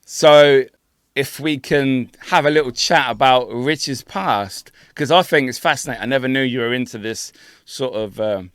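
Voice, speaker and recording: A man's voice: mid-range voice, normal speed, a bit bright, smooth, no echo, clean studio sound. A man hosting a podcast, chatty and loose, laughing as he talks. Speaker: podcast host. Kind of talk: casual podcast chat.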